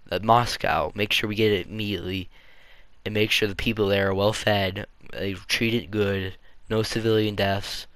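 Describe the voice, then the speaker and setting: A man talks through his views in a loose, rambling way, stopping and restarting. His voice sits a little low and comes across smooth and clear. The sound is close and dry. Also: a bit bright, no room sound. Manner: rambling, offhand, full of fillers and restarts. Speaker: video creator. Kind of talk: casual opinion monologue.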